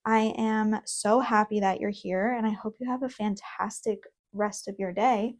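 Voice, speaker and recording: A young woman in a casual vlog, reviewing an oracle deck at home, reading card meanings aloud between excited, chatty asides and laughs. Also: mid-range voice, moderate pace. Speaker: tarot content creator. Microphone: own microphone.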